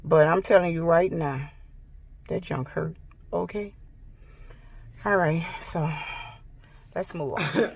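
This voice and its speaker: A woman's voice: medium pitch, slow, long pauses, fairly bright tone. A middle-aged woman hosting her own channel, chatting emphatically and directly to her viewers in a casual vlog. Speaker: home decorating channel host.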